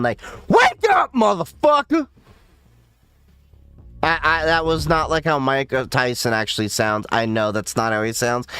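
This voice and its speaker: A man's voice: mid-range voice, bright, forceful tone, clean tone, no echo. A man hosting a casual livestream, rambling and swearing freely as he reacts to viewer chat from a home setup. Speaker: livestream host.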